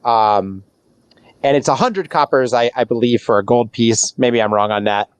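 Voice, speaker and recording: A man's voice: medium pitch, normal speed, clear, resonant tone, no echo. A young man narrating a tabletop game as game master, rambling with many fillers and restarts.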